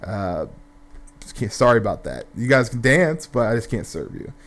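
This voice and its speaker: Young man, gameplay commentator, casual storytelling, profane, rambling, halting restarts. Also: medium pitch, very animated, fairly bright tone.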